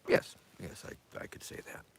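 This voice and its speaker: A man's voice: a bass voice, normal speed, a bit bright, a little hiss or hum. A man hosting a casual live-stream show. He rambles in an offhand way, with lots of fillers, and often drops to a mutter or a whisper. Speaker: show host.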